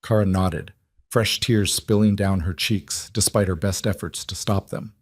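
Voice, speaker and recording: Low-voiced man narrating a dramatic story. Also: steady tone, a little slow, husky, no echo, studio quality.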